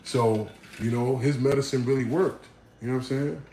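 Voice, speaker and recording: A man's voice: mid-range voice, fairly even intonation, moderate pace, warm tone, a little hiss or hum. A man telling a personal story to camera, talking casually and animatedly, with a lot of slang and swearing. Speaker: vlogger. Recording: roomy room with faint ambience.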